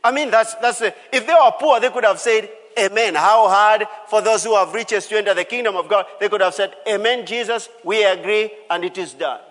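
A man's voice: high-pitched, brisk, hardly any pauses, fairly bright tone, big-room sound. A man preaching a sermon as pastor, emphatic, repeating key phrases and calling out to the congregation. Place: church hall.

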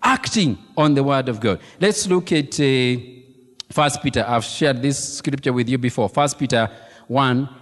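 A man preaching a sermon as pastor, animated and emphatic, repeating key phrases and throwing questions to the congregation. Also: mid-range voice, a little slow. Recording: long reverb of a large hall.

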